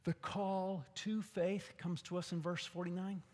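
A man preaching a sermon, dramatic, swinging between loud calls and hushed whispers. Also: high voice, flat delivery, measured pace. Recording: long hall reverb.

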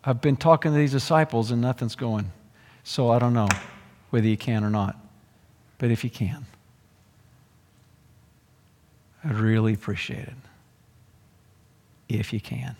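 A man acting out a worried, doubting father of a sick boy, speaking haltingly and trailing off, in a hall with long reverb. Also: lowish voice, level tone, dark tone, slight background noise, voice pushed down, lightly acted. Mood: hesitant.

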